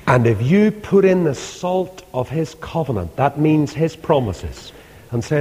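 A man preaching a sermon, swinging between loud pleas and hushed asides. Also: a little high, expressive, unhurried, a little hiss or hum. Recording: long hall reverb.

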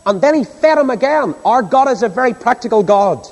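A man's voice: very high-pitched, animated, fairly quick, vocal fry, a little mellow. A man preaching a sermon, asking the congregation rhetorical questions. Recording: long hall reverb.

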